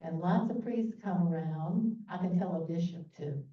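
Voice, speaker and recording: A woman's voice: on the low side, normal speed, lightly acted. A woman voicing a cheeky, street-smart young newsboy who talks brash slang, with a tinny, echoey sound from far off. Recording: echoey, distant, phone-like sound.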